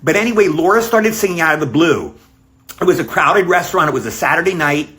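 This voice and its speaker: A man's voice: a little high, expressive, fast talker, a bit bright. An older man recording a casual video greeting, telling a rambling, fond story with many fillers. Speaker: actor sending a video greeting. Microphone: self-recorded video.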